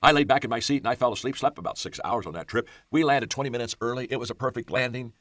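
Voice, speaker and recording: A man's voice: medium pitch, quick pace, no echo, close to an everyday voice. A man voicing an eager male salesman gushing about a great trip in a story. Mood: excited. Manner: excited, gushing.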